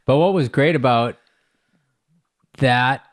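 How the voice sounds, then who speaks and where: A man's voice: medium pitch, slow pace, no echo. Male podcast host, casual interview, short probing questions, dry close sound. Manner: brief, probing follow-up questions.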